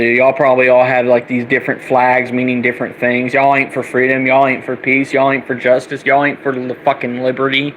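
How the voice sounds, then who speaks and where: A man's voice: medium pitch, fairly bright tone, slight background noise, poor audio. Man in a heated, profane rant. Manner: heated, profane, repetitive ranting. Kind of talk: angry political rant vlog.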